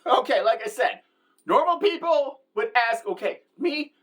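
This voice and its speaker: A middle-aged woman telling a comic personal story to the camera, animated and conversational, with frequent asides to the viewer. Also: fairly high pitch, measured pace. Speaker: comedic storyteller.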